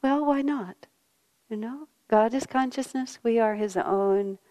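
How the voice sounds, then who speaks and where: A woman giving a devotional talk as a spiritual teacher, gentle and reflective, often letting her voice fall soft and quiet, with touches of light self-mocking humor. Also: high-pitched, fairly even intonation, measured pace.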